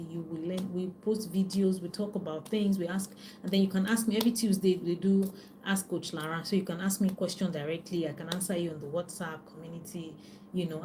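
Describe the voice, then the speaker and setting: A middle-aged Nigerian woman coaching in a chatty, animated live stream, reading out viewer comments. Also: lowish voice, a little hiss or hum. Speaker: life and business coach. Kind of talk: casual live-stream talk.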